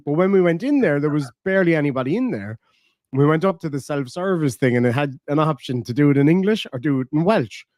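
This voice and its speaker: Guy hosting a stream, swears a ton, jokey stories, kinda high voice, dry close sound. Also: expressive, a little fast, darkish tone, dry recording. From Ireland. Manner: profane, jokey storytelling. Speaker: livestream host. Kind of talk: casual chat reading donations.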